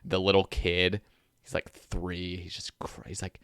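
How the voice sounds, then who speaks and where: A man hosting a podcast, chatting loosely and quickly, swearing often as he tells stories. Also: low-pitched, flat delivery, a bit bright, dry recording, studio quality. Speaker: podcast host. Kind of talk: casual podcast chat.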